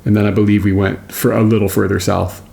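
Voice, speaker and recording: Gravelly man commenting on a livestream. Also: fairly low pitch, flat delivery, over music. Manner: halting, thinks aloud with "uh" and repeats. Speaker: livestream co-host watching old footage.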